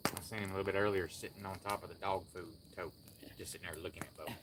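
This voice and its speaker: A man's voice: sits low, fairly even intonation, quick pace, fairly bright tone. A man throwing in dry, drawling asides while sitting outside at night beside the host. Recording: outdoor noise with crickets.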